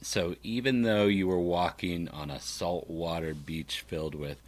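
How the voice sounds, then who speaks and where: A man, a dog trainer, talking casually on a podcast and telling animated stories with frequent laughs. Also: low-pitched, a little slow. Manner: animated storyteller, laughs often.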